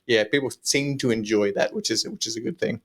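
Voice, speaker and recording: A relaxed man speaks in a broad Australian accent. He is a podcast guest who chats casually about his own work. He often pokes fun at himself, and his pitch sits in the middle range. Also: fairly quick. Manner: laid-back, casual, self-deprecating. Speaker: guest content creator.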